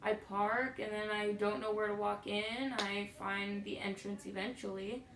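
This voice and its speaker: A woman's voice: medium pitch, flat delivery, a little slow, echoey room, noisy background. A young woman vlogging a self-deprecating story about her day, acting out what people said. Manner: self-deprecating, acts out quotes. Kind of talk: storytelling vlog.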